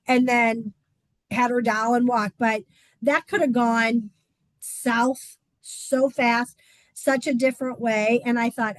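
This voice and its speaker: A woman's voice: a little high, fairly even intonation, takes it slowly, no room sound, rough recording. Chatty woman swim instructor. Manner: chatty, with frequent "um" fillers. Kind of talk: casual informational talk.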